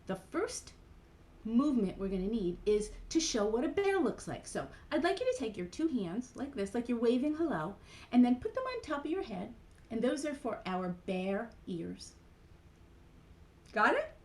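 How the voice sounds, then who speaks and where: A woman's voice: fairly high pitch, sing-song, moderate pace. A woman cantor leading a playful children's program over a video call, animatedly guiding kids through movements.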